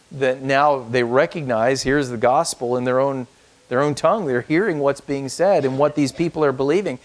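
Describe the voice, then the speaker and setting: A man preaching a sermon and reading scripture aloud in an earnest manner, lifting his voice on the verses. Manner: earnest, lifts pitch when reading verses.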